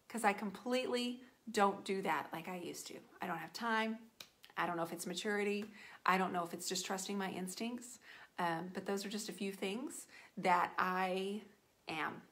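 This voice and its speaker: A middle-aged woman chatting casually to her viewers while painting furniture, animated and playful, with teasing asides to viewers by name. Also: mid-range voice, moderate pace.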